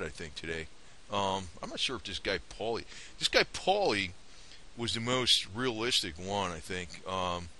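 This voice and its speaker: A man rambles through an indignant, conspiratorial rant to his viewers. His voice sits low but swings widely in pitch, with a sharp, tense edge. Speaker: vlogger. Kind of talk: casual opinion rant to camera.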